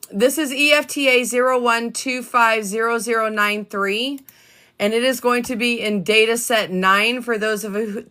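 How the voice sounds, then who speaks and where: Bright-voiced woman livestreamer reading aloud. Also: fairly high pitch. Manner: chatty, halting, many ums and restarts. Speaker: livestream host reading documents.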